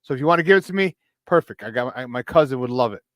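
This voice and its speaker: Brief: male sports talk show host, high-energy and laughing, dry close sound. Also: animated, racing, no echo. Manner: hyped, shouting out chat viewers with frequent laughs.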